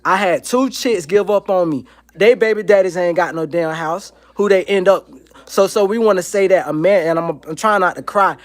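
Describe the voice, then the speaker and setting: A man with a notably high-pitched voice delivers a heated livestream rant from his home. He talks emphatically, swears a lot and hammers the same points again and again. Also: normal speed. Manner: profane, emphatic, repetitive ranting. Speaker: livestream host.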